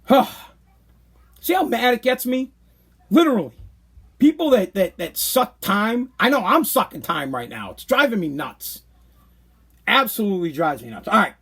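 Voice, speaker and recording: Podcast host, man in his thirties, high voice, worked-up casual rant. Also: moderate pace, pauses often, slightly rough. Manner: animated, exasperated ranting. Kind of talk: casual ranting monologue.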